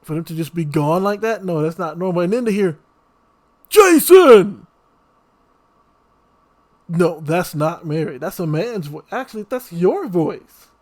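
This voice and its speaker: A man's voice: on the high side, normal speed, darkish tone. A man hosting a horror reaction video, ranting in an exasperated, casual way about the characters' poor choices.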